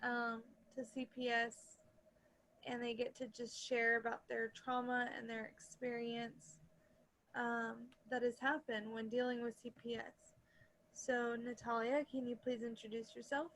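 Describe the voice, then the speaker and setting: A woman hosting a video call interview, soft-spoken, asking plain questions, with the hiccups. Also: fairly high pitch, level tone, unhurried. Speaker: host.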